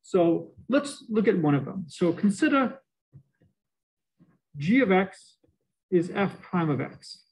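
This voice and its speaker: High-voiced Boston professor lecturing. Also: male voice, slow pace, pauses often, poor audio. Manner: animated, joking asides to students. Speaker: math professor. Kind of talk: university lecture. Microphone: muffled by face mask.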